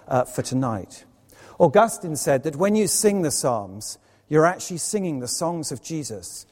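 A man preaching an evening sermon as a lay speaker, earnest and anecdotal with quick asides. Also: fairly high pitch, darkish tone, big-room sound. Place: church, evening service.

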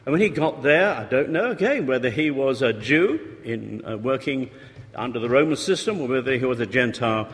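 A man preaches a conversational sermon full of rhetorical questions, now and then acting out desperate, pleading voices. His mid-range voice is expressive and brisk, recorded in a reverberant hall with faint noise.

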